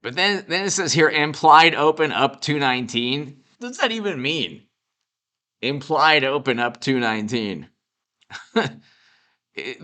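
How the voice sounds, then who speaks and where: A male commentator talks off the cuff about politics in a mocking, sarcastic way. He rambles, restarts his sentences and laughs at his own jokes. His voice is bright and forceful at a middle pitch. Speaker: political commentator and show host.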